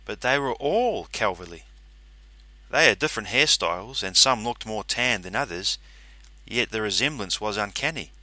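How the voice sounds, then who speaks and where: Man, first-person story narration, lowish voice, bright tone, dry close sound. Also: lively intonation, normal speed, no room sound.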